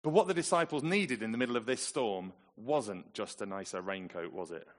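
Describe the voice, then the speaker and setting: A man from England preaching a sermon, telling the story with lively, dramatic emphasis. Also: on the low side, normal speed.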